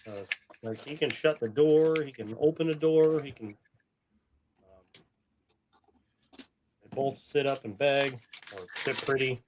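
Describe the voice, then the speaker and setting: A man with an unhurried, drawn-out way of speaking, running a casual livestream. He jokes with viewers, swears now and then, and snaps short, firm commands at his pets. His voice sits at an average pitch, with a faint hiss in the background. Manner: chatty and joking, with the odd swear. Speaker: coin-hunting livestream host. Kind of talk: casual chat while training his dogs.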